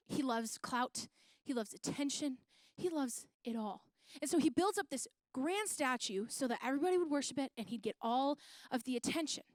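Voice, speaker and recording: A woman's voice: high voice, lively intonation, fairly quick, no echo. A young woman giving a playful, slangy youth sermon, retelling a Bible story in casual terms. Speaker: youth speaker.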